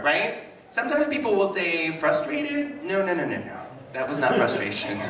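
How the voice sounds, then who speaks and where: A man giving a live talk as a psychotherapist, telling stories with animated, self-mocking humor to an audience. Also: on the high side, moderate pace, a crowd in the background. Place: hall with an audience. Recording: echoey hall, mic at a distance, noisy.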